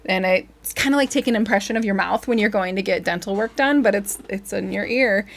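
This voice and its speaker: A woman's voice: mid-range voice, a little fast. A woman co-hosting a casual live stream, telling rambling stories and laughing often. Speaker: co-host, singer.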